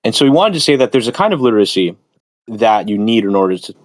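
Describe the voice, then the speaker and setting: A streamer host with a lowish, sing-song voice talks fast and casually about philosophy and academia. He rambles, digresses and slips into lecturing, with lots of fillers, and the audio has no room sound.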